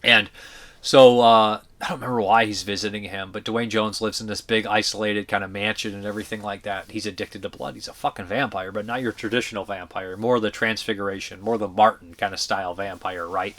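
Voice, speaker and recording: A man's voice: on the low side, fairly even intonation, a little fast, a bit bright. A man giving blunt, profane, rambling movie reviews in a casual vlog, full of fillers and restarts. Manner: blunt opinionated talk.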